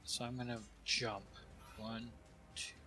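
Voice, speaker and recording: A man's voice: mid-range voice, level tone, slow, pushed and bright. A man playing in a tabletop game who reacts to hits with eager, upbeat enthusiasm and counts out his moves. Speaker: player. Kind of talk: casual tabletop play.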